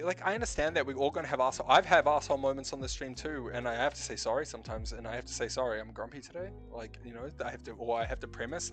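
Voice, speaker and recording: A man's voice: medium pitch, a bit bright. Rambling man with a light New Zealand accent. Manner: rambling, swearing, self-correcting. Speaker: streamer. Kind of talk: casual chat.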